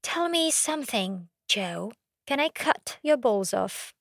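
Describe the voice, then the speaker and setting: A woman's voice: on the high side, animated, unhurried, dry recording, clean studio sound. Brash woman comic. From Brazil. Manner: brash, sardonic, swears freely. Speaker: comedian. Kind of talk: comic storytelling monologue.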